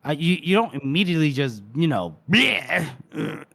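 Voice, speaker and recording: A young man co-hosting a casual book podcast, animated, laughing and slipping into character voices as he retells scenes. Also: on the high side, normal speed, creaky. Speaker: podcast co-host. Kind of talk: casual book discussion, reading and acting out scenes.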